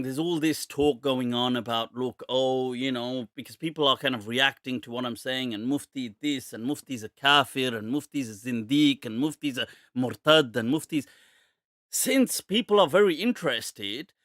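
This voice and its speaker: A man's voice: mid-range voice, fairly bright tone, no echo, clean studio sound. Jokey man hosting a live Q&A. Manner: jokey, laughs often, mixes Urdu phrases. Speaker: host of a live Q&A show. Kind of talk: casual live-stream chat.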